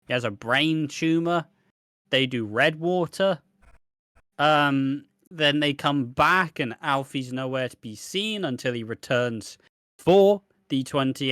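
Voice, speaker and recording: Sweary man, bright, dry mic. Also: fairly high pitch, dry recording. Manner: blunt, sweary, animated. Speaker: podcast co-host. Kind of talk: casual podcast chat.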